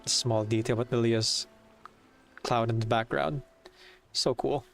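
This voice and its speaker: A man's voice: mid-range voice, steady tone, slow pace, creaky, faint music behind. A man streaming a story game, reading the text aloud and chatting about it as he goes. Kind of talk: casual gameplay commentary and read-aloud.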